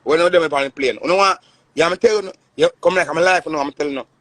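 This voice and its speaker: A man's voice: on the high side, fast, fairly bright tone. Emphatic Jamaican Patois man, thirties. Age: 30s. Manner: emphatic, repetitive, boastful. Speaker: live streamer. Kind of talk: casual live-stream rant.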